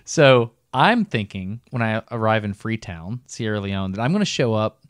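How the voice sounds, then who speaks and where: A middle-aged man co-hosting a podcast, telling a long story in a casual, animated way and breaking into laughs as he goes. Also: lowish voice, normal speed, clear, resonant tone, dry recording, clean studio sound. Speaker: podcast co-host.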